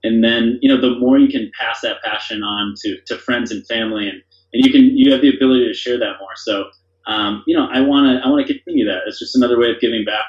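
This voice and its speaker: A man's voice: mid-range voice, fairly even intonation, fast talker. A man as a podcast guest, talking casually and enthusiastically, rambling with lots of fillers. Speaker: podcast guest, company founder. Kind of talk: casual conversation. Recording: dull, roomy sound.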